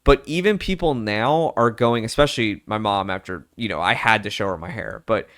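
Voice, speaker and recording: A man's voice: fairly low pitch, moderate pace, fairly bright tone, no room sound, studio quality. A young man vlogging in a candid, rambling way, full of fillers and quoted thoughts. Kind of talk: personal casual chat.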